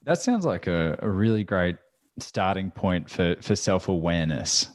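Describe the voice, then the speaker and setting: A man hosting a podcast, speaking haltingly and repeating words as he thinks. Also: sits low, lively intonation, no room sound. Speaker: podcast host. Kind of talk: casual interview chat.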